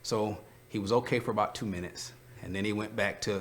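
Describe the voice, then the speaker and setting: A man's voice: fairly low pitch, steady tone, fairly quick, slight background noise. A young man, a coach, telling a rambling personal story in a tribute to a friend, holding back tears.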